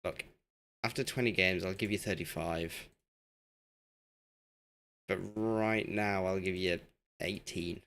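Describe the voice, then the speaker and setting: A man's voice: deep voice, fairly even intonation, slow, pauses often, fairly bright tone. A man streaming a game, rambling in casual commentary and talking to the players on screen as he goes, while losing his voice.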